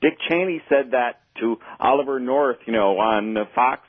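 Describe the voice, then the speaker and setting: A man phones in to a talk show, chatty and wry, laughing at his own anecdotes. His voice comes through a tinny, dry phone line at a middle pitch. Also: normal speed, dry recording. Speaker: caller. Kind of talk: phone-in call.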